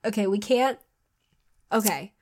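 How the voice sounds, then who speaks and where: A woman's voice: medium pitch, unhurried, darkish tone. A woman co-hosting a comedy podcast, reading a raunchy book aloud with giggles and mock disgust. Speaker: podcast co-host.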